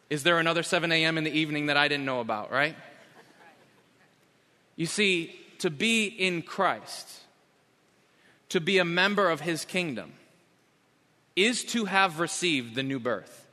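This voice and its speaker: A man preaching a sermon as pastor, emphatic, slowing down to repeat key phrases. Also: fairly high pitch, pushed and bright. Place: church sanctuary. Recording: long hall reverb.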